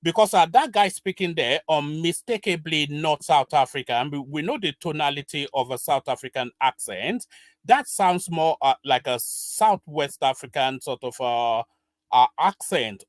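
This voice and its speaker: A man's voice: medium pitch, no room sound, studio quality. A man hosting reaction commentary, musing and hesitant with many uhs. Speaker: host.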